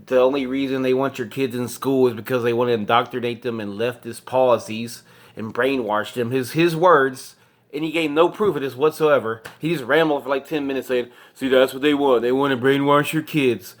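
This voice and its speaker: A man's voice: mid-range voice, brisk. Profane ranting man. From Texas. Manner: swears heavily, ranting and indignant. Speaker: podcast host. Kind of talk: angry ranting monologue.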